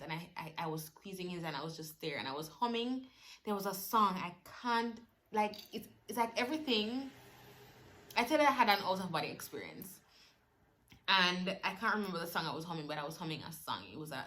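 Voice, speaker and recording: A young woman, emotionally retelling a personal story in a vlog. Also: lowish voice. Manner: animated, emotional retelling with laughs. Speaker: vlogger.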